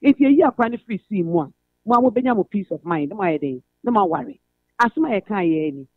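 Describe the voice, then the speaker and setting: A Ghanaian woman phoning in to a radio show, telling a long family story in an earnest, steady way. Her voice comes through a narrow, tinny telephone line. The sound is dry, with no room around it. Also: medium pitch, fast talker, dry recording. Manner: earnest, recounting family troubles at length. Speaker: radio caller. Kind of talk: phone-in personal story, code-switching.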